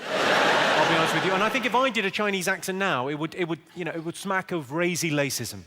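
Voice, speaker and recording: A southern English man doing stand-up comedy, his fairly high voice swooping up and down as he lands dry, deadpan one-liners. He teases the crowd with a sly edge. The live recording is buried under loud background noise. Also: quick pace. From England.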